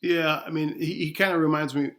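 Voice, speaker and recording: A man's voice: fairly high pitch, fairly even intonation, a little fast, fairly bright tone. A man co-hosting a podcast in a casual sports debate, earnest and often restarting words as he makes a point. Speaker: podcast co-host.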